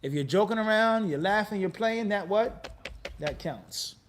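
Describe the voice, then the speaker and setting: High-voiced man teaching a lively class. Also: measured pace, a little hiss or hum. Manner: animated, quizzes class with repeated "what?" prompts; acts out quoted people in lively bits. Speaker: Islamic law teacher. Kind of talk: classroom lecture.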